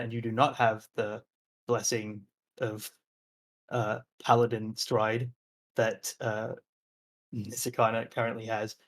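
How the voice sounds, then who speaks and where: Male game master narrating, steady pitch. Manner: descriptive, hesitant, with frequent fillers.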